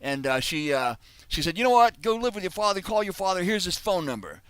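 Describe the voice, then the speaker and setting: A man doing a loud, high, exaggerated Australian bloke. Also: big pitch swings, brisk, clear, resonant tone, no room sound. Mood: chatty. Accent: Australian, badly imitated. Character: young Australian man, chatty storyteller.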